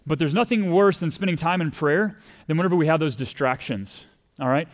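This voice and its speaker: A pastor with a Texas accent preaches conversationally, acting out quoted voices and putting questions to the congregation. His voice is fairly high and fairly quick.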